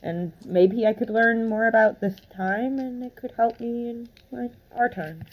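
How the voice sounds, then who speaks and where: A woman's voice: fairly high pitch, a little slow, highs cut off. A woman voicing a weary, polite man displaced from another time, speaking wistfully.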